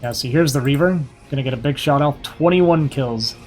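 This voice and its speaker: A young man giving casual, quick play-by-play commentary on a strategy game match, a little hoarse and thinking aloud as he goes. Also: mid-range voice, a little mellow, faint music behind. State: slightly hoarse, losing his voice. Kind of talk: live esports play-by-play commentary.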